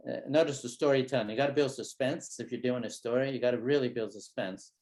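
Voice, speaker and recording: A man giving a conference keynote, acting out talks with a child in a gentle, wondering tone. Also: mid-range voice, fast. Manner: animated, acts out conversations with a child in a gentle, wondering tone. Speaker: keynote speaker, psychologist. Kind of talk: conference lecture with acted-out dialogues. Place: conference hall.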